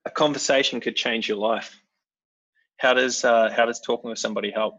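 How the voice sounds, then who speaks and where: A man's voice: mid-range voice, steady tone, fairly quick, fairly bright tone. A man hosting a casual interview, curious and blunt, swearing casually as he asks questions. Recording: dull lo-fi sound.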